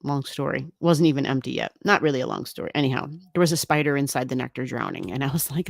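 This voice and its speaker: Woman, low voice, chatty livestream host, rambling, laughs often, dry close sound. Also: brisk, gravelly, hardly any pauses, no room sound. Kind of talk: casual live-stream chat reading viewer comments.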